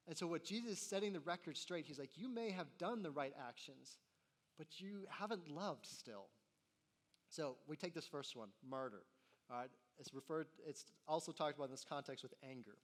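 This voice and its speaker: A young male college pastor preaching with a high, bright voice. He swings from quiet asides to loud, exasperated acted-out lines. His delivery is lively and conversational. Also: normal speed. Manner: animated, acts out voices and gets loud in exasperation. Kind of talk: sermon.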